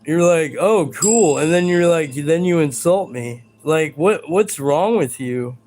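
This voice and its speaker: Slow-talking combative man ranting. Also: a little high, a little mellow. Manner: combative and profane, ranting at chat. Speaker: live streamer. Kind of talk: live stream chat talk.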